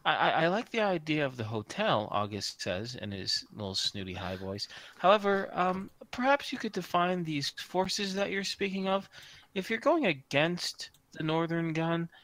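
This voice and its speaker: A snooty, fussy male hacker with a high, hesitant voice, as a game master puts him on. He weighs every word with care, and the sound is dry and close. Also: very animated, normal speed, a bit bright, no echo.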